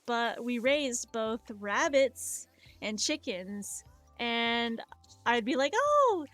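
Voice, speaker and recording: On a live art stream, a young woman with a fairly high voice chats slowly as she draws, drifting from one story to the next and filling gaps with "like" and "um." Her desk mic picks up a dry home recording, with soft music faintly in the background.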